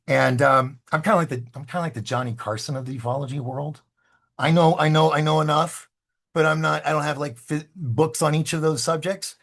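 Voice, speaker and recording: Brisk and creaky, with a voice on the high side, a man appears as a filmmaker guest in a casual interview. He tells stories animatedly, performing the dialogue of those he quotes.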